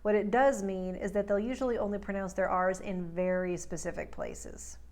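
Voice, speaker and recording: A woman speech coach teaching accent sounds, giving clear explanations and slowly modeling drill words. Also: mid-range voice, fairly even intonation, a little mellow. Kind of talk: accent lesson.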